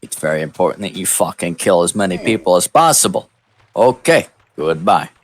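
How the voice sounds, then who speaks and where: A man's voice: sits low, expressive, brisk. A man voicing a cheery, scheming city mayor who lays out his plan in grand, formal speech. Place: online voice call.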